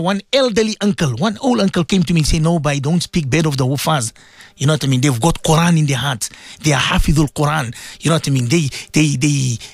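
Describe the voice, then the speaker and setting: A man's voice: fairly high pitch, no room sound. A man telling a story on a religious radio talk show, repeating himself and mixing in Arabic and Urdu phrases. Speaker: radio guest speaker.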